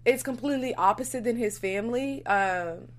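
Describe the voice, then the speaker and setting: A woman co-hosting a casual reality TV recap show, talking in an animated, emphatic way with lots of "like". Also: a little high, normal speed. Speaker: co-host.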